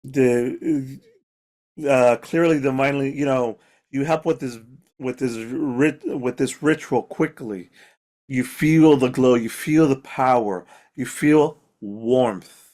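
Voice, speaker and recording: Slow, halting male game master. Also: medium pitch, darkish tone. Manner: slow, halting narration with restarts. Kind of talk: narrating a tabletop game.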